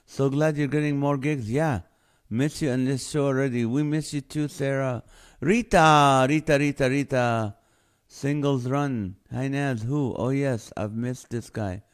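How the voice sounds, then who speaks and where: A man's voice: mid-range voice, steady tone, unhurried, mellow. A middle-aged man hosting a live show, greeting viewers by name and telling a funny story in a chatty way. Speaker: host. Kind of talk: casual live-stream chat.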